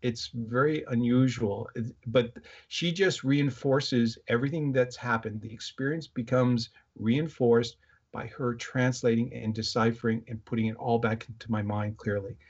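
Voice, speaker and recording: A middle-aged man, a guest on an interview show, recounting a dream experience in a halting way with many fillers and restarts. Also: medium pitch, husky. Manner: halting, many fillers and restarts, quotes voices while telling a story. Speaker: guest, electronics inventor. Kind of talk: casual interview storytelling. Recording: slightly muffled lo-fi audio.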